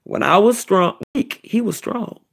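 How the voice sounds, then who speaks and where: A middle-aged woman giving an emotional personal testimony, telling her story in an animated, repetitive way. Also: medium pitch, unhurried, gravelly. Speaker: vlogger, self-described prophetess.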